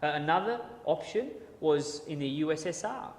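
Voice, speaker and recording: A man's voice: a little high, lively intonation, normal speed, a little hiss or hum. A man giving a conversational Bible talk with slides, often repeating words and restarting as he reads quotes aloud. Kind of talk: casual lecture with slides. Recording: echoey hall with long reverb.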